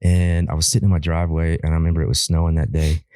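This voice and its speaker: Deep, mellow-voiced storytelling man. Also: very fast, smooth, dry recording, clean studio sound. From Alaska. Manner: rambling, animated storyteller who swears freely. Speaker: podcast guest, wildland firefighter. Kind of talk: casual podcast conversation.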